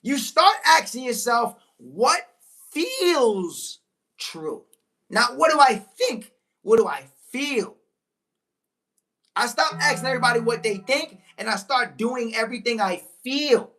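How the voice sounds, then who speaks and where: Fairly high-voiced woman with an animated, swooping delivery; preachy motivational speaker who repeats lines and drags out key words. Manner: preachy, emphatic, repeats key lines, bursts into excited exclamations; slows right down on key phrases. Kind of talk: live-stream motivational talk.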